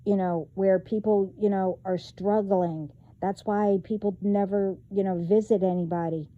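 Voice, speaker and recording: A woman vlogging in a casual monologue, talking haltingly with many fillers and trailing thoughts. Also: mid-range voice, fairly even intonation, narrow, tinny audio.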